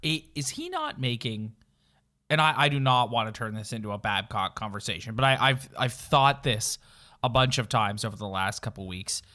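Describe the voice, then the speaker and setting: A man with a heavy cold talks hockey, his voice nasal and stuffed up. He rambles through fillers and restarts, mid-pitched and animated when he gets worked up. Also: normal speed. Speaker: podcast co-host. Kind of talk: casual sports chat.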